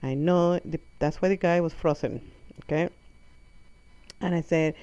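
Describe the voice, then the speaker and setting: This comedic storyteller, a woman with a non-native English accent, wanders through a self-correcting tale and voices her mother's part. She speaks a little slowly in a low, dark voice. The audio is muffled and lo-fi, with no room sound.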